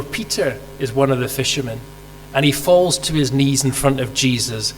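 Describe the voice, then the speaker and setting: A man preaching a sermon, telling a story vividly and asking rhetorical questions, acting out quoted lines. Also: medium pitch. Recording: hall reverb with faint mains hum.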